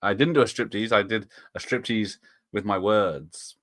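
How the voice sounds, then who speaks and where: Low-voiced man chatting with his stream. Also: normal speed, a bit bright, no room sound, studio quality. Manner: chuckling, rambling, reads chat comments aloud. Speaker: live stream host. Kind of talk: casual live chat with viewers.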